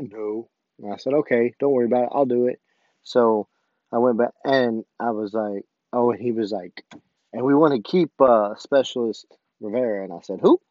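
A man's voice: medium pitch, normal speed, dry recording, highs cut off. A man, an army sergeant, casually telling a story about his duty station and acting out the dialogue. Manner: animated, acts out quoted dialogue.

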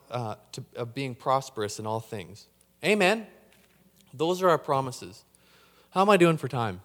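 In a church hall with a long reverb tail, a man with a mid-range voice preaches a sermon. He's excitable and gets fired up as he goes, tripping over repeated words.

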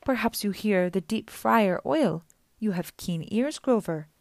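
A woman reading an audiobook voices a lonely, sweetly sinister old woman who talks slowly and soothingly. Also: medium pitch, lively intonation, vocal fry, no room sound, studio quality. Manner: slow, soothing and sad.

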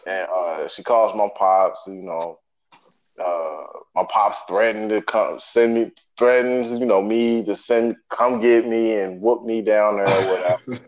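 A young man with a fairly low voice laughs at himself while he tells a story in easy, rambling chat. The sound is dull and lo-fi, as if recorded on modest gear. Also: fairly even intonation, measured pace. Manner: easygoing, self-mocking, laughing. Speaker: co-host.

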